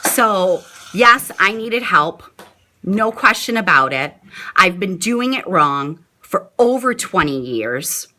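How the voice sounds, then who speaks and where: Woman, middle-aged, live-stream chat, gushing, bright and lively voice, swinging pitch. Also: slow. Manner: gushing, chatty, says "you guys" often. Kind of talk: casual live-stream talk to viewers.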